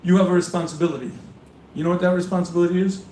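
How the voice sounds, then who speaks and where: A man's voice: high voice, fairly even intonation, rapid-fire, darkish tone. A man, a rabbi, giving a live seminar lecture to an audience, emphatic and repetitive in his warnings. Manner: emphatic, repeats warnings, acts out questions. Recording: echoey hall from a distance, faint noise.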